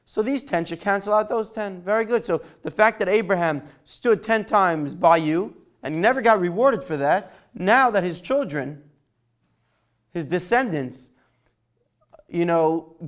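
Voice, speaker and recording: A man teaching a Torah class in a conversational way, checking in with his students and taking their questions. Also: high-pitched. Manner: conversational, takes questions by name, asks "right?". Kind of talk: informal Torah lesson.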